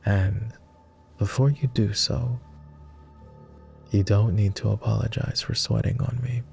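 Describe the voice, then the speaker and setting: A man voicing a jaded, tender immortal vampire in a whispered role-play, with a posh British accent and a slow, gentle, teasing manner. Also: little pitch movement, faint music behind. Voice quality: low, gravelly and soft.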